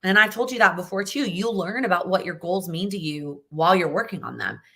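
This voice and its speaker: A woman's voice: on the low side, a little fast, sharp tone. A young woman hosting a live Q&A, chatting casually and giving encouraging advice, often restarting her sentences. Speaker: host answering viewer questions.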